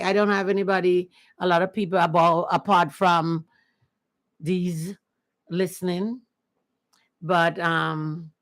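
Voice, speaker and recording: A woman chatting casually and earnestly on her first livestream, repeating herself often. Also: lowish voice. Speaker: livestream host.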